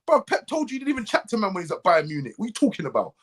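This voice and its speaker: Ranting high-voiced man. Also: racing, husky. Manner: animated and ranting, mimics other fans' voices. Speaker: co-host. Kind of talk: heated casual football chat.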